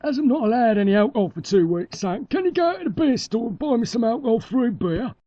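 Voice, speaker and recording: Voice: mid-range voice, very animated, fast, dry recording, dull audio. A performer voicing a chirpy Cockney dad chicken. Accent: London Cockney put on. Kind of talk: amateur cartoon voice acting.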